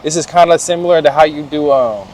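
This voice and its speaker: A man's voice: a little high, quick pace, a little mellow. Laid-back slangy man telling stories. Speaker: interview guest. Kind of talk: casual storytelling interview.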